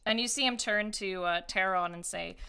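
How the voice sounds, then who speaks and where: A woman's voice: mid-range voice, normal speed, creaky, sharp tone, slight background noise. A woman narrating as dungeon master in a chatty, hesitant way, often with fillers. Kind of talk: narrating a tabletop game.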